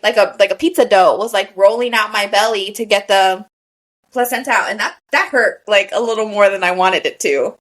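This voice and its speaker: A woman's voice: mid-range voice, brisk, a bit bright. A young woman with an American accent, co-hosting a podcast, chatting candidly and laughing often. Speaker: podcast co-host. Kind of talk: casual chat.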